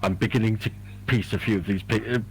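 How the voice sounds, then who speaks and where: A man at a tabletop game speaking in a lower-pitched voice. He is polite and wry, stumbling and restarting his sentences as he thinks out loud. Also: fairly even intonation, fast talker, a little hiss or hum, rough recording. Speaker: player. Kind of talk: casual tabletop role-play.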